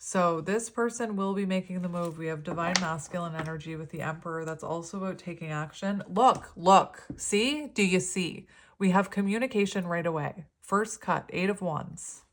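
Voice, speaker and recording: Woman, 30s, tarot reader. Gentle, meandering, slightly low voice. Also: a little fast, few pauses, noisy background. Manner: gentle, rambling, spiritual. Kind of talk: pick-a-card tarot reading.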